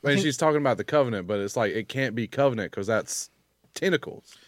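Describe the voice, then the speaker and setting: A man's voice: mid-range voice, lively intonation, quick pace, no room sound. A man co-hosting a casual chat, joking and laughing through the banter.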